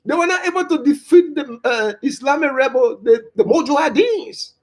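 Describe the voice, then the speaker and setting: Emphatic commentator, high lively pitch. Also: normal speed. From Liberia. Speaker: political commentator and writer. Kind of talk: opinion commentary.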